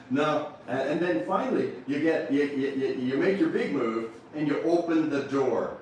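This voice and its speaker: A man's voice: mid-range voice, normal speed, few pauses. Playful man speaking in an echoey hall. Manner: playful, acts out flirting with a car in mock-sensual voices. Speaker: motivational speaker. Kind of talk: seminar talk to a live audience. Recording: very echoey hall from far off, faint noise.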